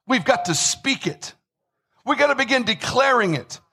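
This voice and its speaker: A man preaching a sermon with emphasis, repeating words and rising to shouts. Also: extremely high pitch, lively intonation, normal speed, vocal fry, breathy edge. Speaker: pastor.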